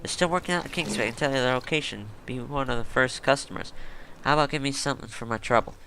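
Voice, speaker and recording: A man's voice: medium pitch, fast, bright, forceful tone, a little hiss or hum, poor audio. A man playing a Southern consultant hawking tips. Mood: persuasive. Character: smooth male consultant selling info.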